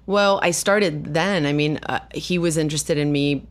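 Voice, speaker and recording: Give me a woman from South Africa, Afrikaans first language, with a faint South African accent, chatting candidly as an interview guest. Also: low voice. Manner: chatty and candid, quick to laugh and tease. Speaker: podcast guest, actress. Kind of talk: casual interview chat.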